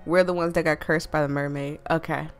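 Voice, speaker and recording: A woman's voice: low-pitched, steady tone, fairly quick, clear, resonant tone, faint music behind. A young woman playing through a story game, rambling and giggling as she comments. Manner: chatty, giggly, rambling with lots of "like". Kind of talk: let's-play commentary.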